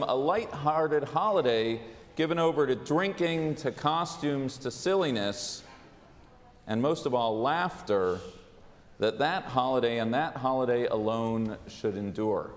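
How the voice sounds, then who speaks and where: A man giving a sermon as a rabbi, with a measured, wry delivery. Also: mid-range voice. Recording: long hall reverb.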